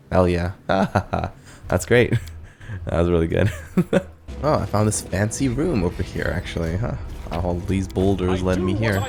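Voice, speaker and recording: A man's voice: sits low, measured pace, vocal fry, slight background noise. A man casually commenting on a game and reading its text aloud. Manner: relaxed, reads dialogue and narration aloud. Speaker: gamer.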